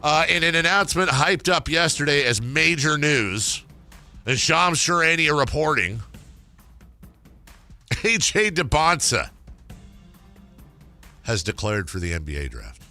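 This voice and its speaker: Animated, bright-voiced sports radio host man. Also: a little high, unhurried, long pauses, soft background music. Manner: animated, sarcastic, jokey with sudden loud outbursts. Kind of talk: sports talk radio banter. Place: radio studio. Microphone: studio microphone.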